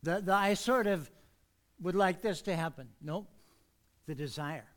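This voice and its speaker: A man preaching an earnest sermon in church, speeding up when he gets excited. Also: high-pitched. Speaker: pastor.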